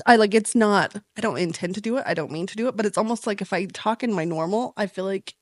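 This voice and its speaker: A woman co-hosting a podcast in casual chat, rambling and quick to laugh. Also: medium pitch, dry recording. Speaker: podcast co-host.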